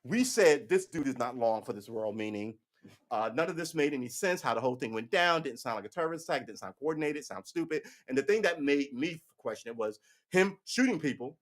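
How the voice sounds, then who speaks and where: A man's voice: fairly high pitch, animated, fairly quick, fairly bright tone. A man giving casual, profane political commentary on a livestream, ranting and slipping into mocking voices.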